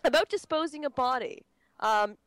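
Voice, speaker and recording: Woman, podcast co-host, high lively voice, dry close sound, swears a lot. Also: normal speed, no room sound. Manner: animated, swearing, rambling with restarts. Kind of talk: casual true-crime podcast chat.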